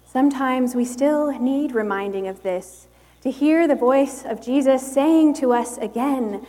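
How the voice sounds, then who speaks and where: Woman preacher, higher voice, very unhurried sermon delivery, long hall reverb. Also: mellow. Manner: slow, measured and reflective.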